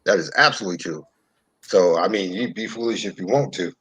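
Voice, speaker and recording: A man from New York in casual discussion, an animated storyteller who repeats himself. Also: on the low side, fairly quick, breathy edge.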